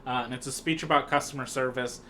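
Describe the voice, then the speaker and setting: Speaking quickly in a mid-range voice, a man co-hosts a podcast and casually recaps a film scene by scene. He rambles in a relaxed way with frequent fillers and restarts, and a little hiss or hum is audible.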